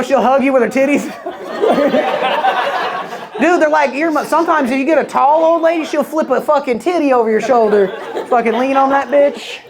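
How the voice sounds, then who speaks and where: A man's voice: very high-pitched, unhurried, creaky, pauses often. A man doing a crude, rambling stand-up set, telling stories and acting out quoted voices. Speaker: stand-up comedian. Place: comedy club before a live audience. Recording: live club audio with crowd. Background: audience laughter.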